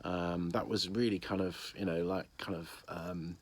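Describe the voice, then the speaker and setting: A man's voice: sits low, fairly even intonation, measured pace, breathy edge, dry recording. A man, musing through a casual spoken review of a TV series with many ums and restarts.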